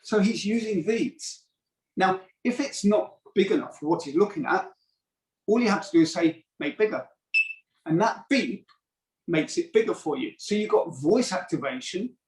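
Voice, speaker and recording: Casual salesman, a bit higher-pitched, heard distant and echoey over a call. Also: animated, normal speed. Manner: casual, rambling with restarts and fillers. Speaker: product demonstrator. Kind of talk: live video call product demo. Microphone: video call. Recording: roomy, distant video call audio.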